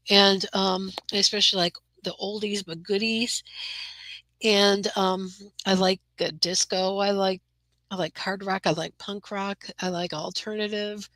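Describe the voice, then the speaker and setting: A woman's voice: medium pitch, a bit bright, no echo, low-quality recording. A woman hosting a casual live chat from her room, greeting viewers by name with a chatty, rambling manner. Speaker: livestream host.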